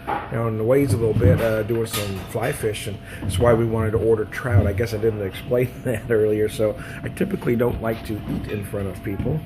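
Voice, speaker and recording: A man whose voice is lowish and steady speaks a little fast amid background noise. As a beer vlogger reviewing beer and food outdoors at a trout farm restaurant, he rambles in a folksy, casual way, laughs frequently, and is losing his voice.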